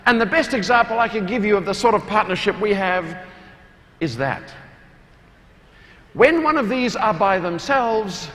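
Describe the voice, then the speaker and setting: A man with a New Zealand accent giving a humorous talk to a large hall audience, animated and playful, with loud acted-out quotes. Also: high-pitched. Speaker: motivational speaker. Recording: reverberant hall, faint room noise.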